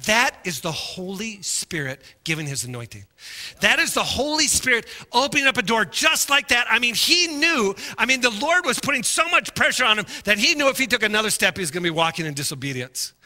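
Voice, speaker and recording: A middle-aged male pastor preaching a sermon, telling stories and moving between quiet asides and impassioned shouting. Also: high voice, sing-song, fairly quick. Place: large church sanctuary. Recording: long hall reverb.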